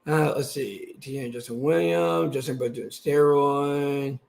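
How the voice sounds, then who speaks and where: A man hosting his channel, giving ranting commentary while reading through documents, swearing and swinging from muttering to shouting. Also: mid-range voice, fairly even intonation, a little slow, gravelly. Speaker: channel host.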